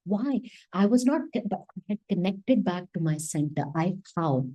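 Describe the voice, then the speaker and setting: A woman delivers a devotional reflection on the Quran in a deep, mellow, warm voice. She is impassioned and emphatic, drawing out single words and slipping between English and Hindi. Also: lively intonation, normal speed, slightly rough, rough recording. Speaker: Islamic teacher.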